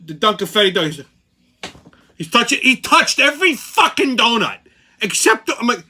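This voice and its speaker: A man's voice: very high-pitched, big pitch swings, normal speed, pushed and bright, breathy edge. A man hosting his own channel, telling a heated, profane story in a casual rant. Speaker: channel host.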